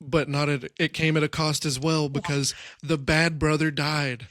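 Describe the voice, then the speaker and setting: A man's voice: on the high side, little pitch movement, moderate pace, fairly bright tone, no room sound, clean studio sound. Casual man retelling a movie plot. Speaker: podcast co-host. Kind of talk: casual chat.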